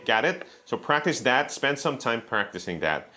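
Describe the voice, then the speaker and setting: A man's voice: medium pitch, sing-song, normal speed, few pauses. A man teaching a beginner guitar lesson, patiently explaining and counting beats aloud, saying okay often. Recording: loud guitar playing behind the voice.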